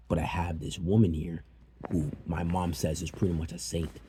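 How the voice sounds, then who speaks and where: A young man casually telling a personal story, animated and swearing freely. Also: deep voice, moderate pace. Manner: animated, swearing, tearful at times. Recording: faint background noise.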